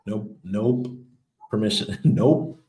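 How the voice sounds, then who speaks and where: A man's voice: fairly low pitch, takes it slowly, darkish tone. A man hosting a casual crypto livestream, reading viewer comments and answering in a loose, chatty way with lots of ums and laughs. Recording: echoey room.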